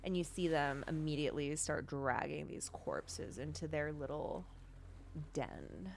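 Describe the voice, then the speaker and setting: Low-voiced woman running a tabletop game. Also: lively intonation, measured pace, creaky, a little hiss or hum. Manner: chatty, loose narration with frequent restarts. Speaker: game master.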